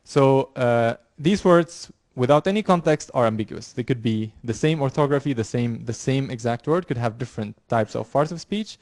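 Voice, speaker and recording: A man's voice: medium pitch, expressive, a little mellow, no echo, clean studio sound. A man lecturing a university class, explaining with frequent fillers, repeated words and restarts. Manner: halting, many fillers and restarts. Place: lecture room.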